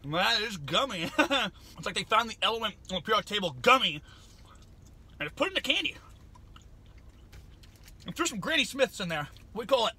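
A man's voice: high-pitched, very animated, fairly quick, long pauses, pushed and bright, breathy edge. A man doing a goofy, sarcastic snack taste-test vlog, often slipping into silly bits. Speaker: vlogger.

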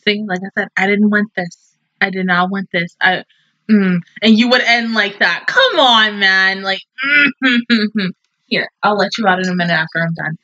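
A woman's voice: medium pitch, moderate pace, pushed and bright, muffled recording. A woman hosting an anime reaction video, rambling emotionally in casual commentary and swearing freely.

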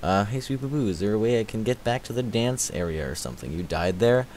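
A man streaming a game live, chatting casually with a slightly raspy voice and thanking viewers as he plays. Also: fairly low pitch, expressive, fast, a little mellow, slight background noise. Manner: chatty, thanks viewers, repeats filler words. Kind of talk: casual livestream commentary while playing.

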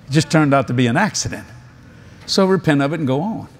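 A man's voice: a little high, expressive, fast. A male preacher delivering a convention sermon, telling stories animatedly with laughs and asides.

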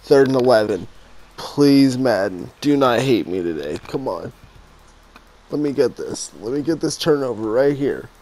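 Animated man commentating his football video game. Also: medium pitch, a little slow. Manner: swings from mumbling asides to loud exasperated outbursts, swears often. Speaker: gaming YouTuber playing a football video game. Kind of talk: casual live gameplay commentary.

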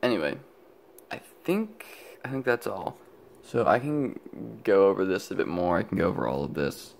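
Rambling young man, low and gravelly. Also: sing-song, brisk, slight background noise. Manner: rambling, self-interrupting, sleepy and yawning. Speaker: electronics hobbyist vlogger. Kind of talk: rambling casual show-and-tell.

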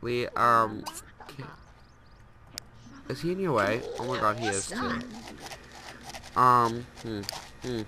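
A man's voice: mid-range voice, lively intonation, slow pace, long pauses, background noise. A young man with a stuffed-up nose, rambling casually through gameplay commentary and scolding the characters on screen. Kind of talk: casual let's play commentary.

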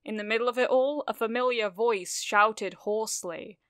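A woman narrates a fan fiction story in a steady, measured reading voice. Her tone is smooth and clear. The recording is close and dry, with no room around it. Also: on the high side, no room sound. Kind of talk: scripted narration.

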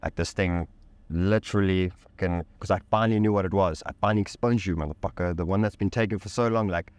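A man with a very low, deep voice tells a personal story in an interview, recorded close and dry with no room sound. He speaks with intense emphasis, uses casual slang and swears freely. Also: fast, dry recording. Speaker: podcast guest. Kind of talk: candid personal storytelling in conversation.

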